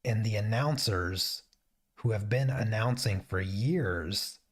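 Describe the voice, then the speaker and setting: A man with a low, deep voice chats easygoing and unhurried while he paints, thinking aloud and restarting his sentences as he goes. It sounds like a relaxed art stream host talking to his viewers. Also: husky. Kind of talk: casual chat while painting.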